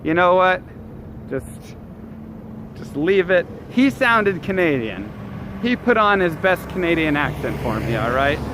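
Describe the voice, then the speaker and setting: A man's voice: a little high, sing-song, unhurried. A man streaming live while walking outdoors, chatting casually and answering his chat. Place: city street outdoors. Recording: street noise behind.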